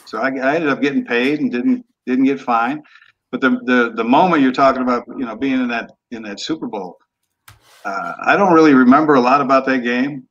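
An older man in his sixties, a former football quarterback appearing as a guest, tells stories in a casual interview, laid-back and blunt and cussing freely. His voice is at an ordinary male pitch, fairly quick and a bit bright. The audio sounds dull and lo-fi.

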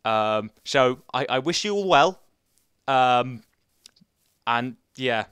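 A man's voice: medium pitch, animated, takes it slowly, a bit bright, clear, resonant tone, no room sound. A young man giving chatty, rambling commentary while playing a survival game, talking to the viewers and to the animals. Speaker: gaming YouTuber.

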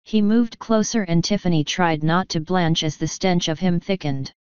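Low-voiced woman reading an audiobook. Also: normal speed, darkish tone, clear, resonant tone, dry recording, dull audio. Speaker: audiobook reader. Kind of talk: audiobook narration.

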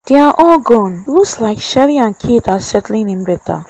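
Woman voicing a tight-fisted, blunt mother in a cartoon, bouncy pitch, long reverb. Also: lively intonation, normal speed, a little mellow. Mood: scornful. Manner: blunt, scornful. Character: stubborn mother, tight with money.

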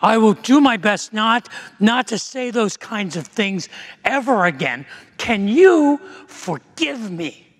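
A man's voice: sits high, very animated, takes it slowly, big-room sound, full character voice. A man doing a suddenly polite cussing parrot. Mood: contrite. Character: parrot, talkative, foul-mouthed bird turned polite.

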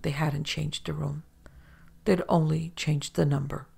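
Woman doing a calm dapper male storyteller, storybook, low gravelly tone. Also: measured pace, faint music behind, heavily acted.

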